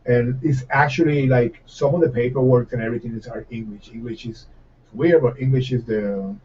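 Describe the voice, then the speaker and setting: A Puerto Rican man with a Puerto Rican accent, Spanish as his first language, chatting as a chef guest on a casual podcast and telling animated, swear-laden stories. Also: medium pitch, moderate pace, slight background noise. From Puerto Rico. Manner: animated storyteller, swears freely, laughs while telling stories. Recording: distant, dull lo-fi mic.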